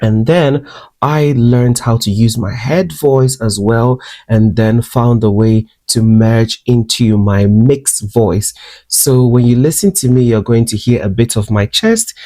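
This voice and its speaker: Mellow-voiced Ghanaian man telling his story. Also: medium pitch, no room sound. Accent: Ghanaian English. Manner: expressive, switches into lively quoted voices. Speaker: makeup artist and singer. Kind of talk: personal storytelling vlog.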